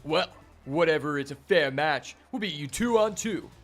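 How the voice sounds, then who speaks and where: A man's voice: fairly high pitch, lively intonation, moderate pace, a bit bright, faint music behind. A man voicing a haughty, sneering male villain duelist while reading game dialogue aloud.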